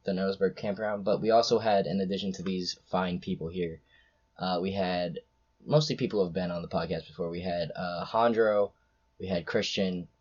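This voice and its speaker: A man's voice: low voice, fairly even intonation, moderate pace, a little mellow, muffled recording. A young man hosting a casual podcast chat, rambling and jokey with lots of fillers, over a call. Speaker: podcast host.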